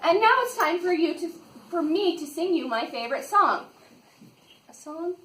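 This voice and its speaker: A woman reading a silly book aloud to children, playful and animated, with bursts of shouted nonsense sounds. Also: very high voice, normal speed. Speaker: read-aloud reader for children. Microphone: far from the mic. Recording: roomy echo from a distant mic, faint noise.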